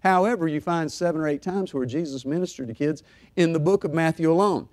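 A middle-aged man pastor preaching a sermon, swinging from loud fervor to soft, hushed talk. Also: fairly high pitch, a little fast.

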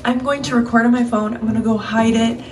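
Bubbly young woman vlogging, slightly high voice. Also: little pitch movement, quick pace, background noise. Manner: bubbly, chatty, eager. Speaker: vlogger host. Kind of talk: casual talk to camera. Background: background music.

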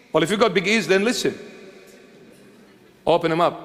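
A bishop preaching a sermon, emphatic and mocking, firing off rhetorical questions to the congregation. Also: male voice, high voice, normal speed, pauses often, fairly bright tone. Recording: long hall reverb.

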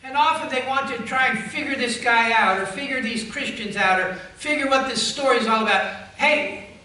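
A pastor's very high, sharp voice carries at normal speed as he delivers a forceful sermon aimed straight at his congregation. The recording was made far off in a reverberant church sanctuary.

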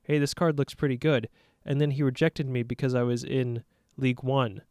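A young man giving casual, playful commentary over his own gameplay, joking at his own expense and bursting into excited shouts during play. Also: mid-range voice, normal speed, dry recording, studio quality. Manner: playful, self-mocking, excitable bursts while playing. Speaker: gaming YouTuber.

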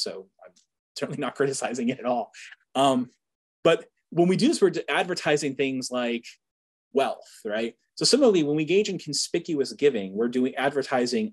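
Husky-voiced man giving a chatty lecture. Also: medium pitch. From Boston area. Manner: conversational, joking asides, frequent "right?" tags. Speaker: university professor giving a talk. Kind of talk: informal lecture to an alumni audience.

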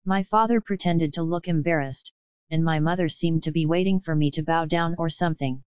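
A woman narrating a novel as an audiobook in an even, measured first-person reading. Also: low voice, smooth, no room sound, lo-fi sound.

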